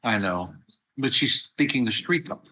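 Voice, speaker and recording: A man's voice: medium pitch, animated, measured pace, sharp tone, rough recording. A man with a Texan accent presiding as a judge over a court hearing, stern and lecturing.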